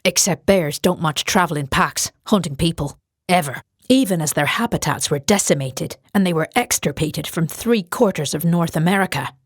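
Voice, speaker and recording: A woman voicing a mysterious tall Irish male stranger, asking quick, pointed questions in an audiobook. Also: fairly low pitch, husky, dry recording, studio quality. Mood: probing.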